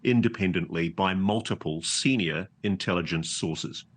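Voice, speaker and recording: Man, investigative journalist, low-voiced, measured, sure of his facts. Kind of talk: remote interview.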